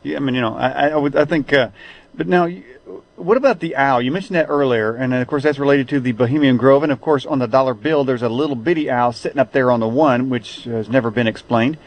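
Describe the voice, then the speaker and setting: A man hosting an interview, asking halting questions, saying mm-hmm a lot and slipping in wisecracks. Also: medium pitch. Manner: hesitant questions, frequent mm-hmms, wisecracks. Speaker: interview host. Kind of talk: radio interview.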